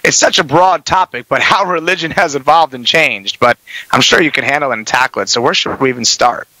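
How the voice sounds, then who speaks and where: A man hosting a radio talk show, introducing and questioning a guest in an upbeat, energetic way. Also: mid-range voice, a little fast, dry recording, rough recording.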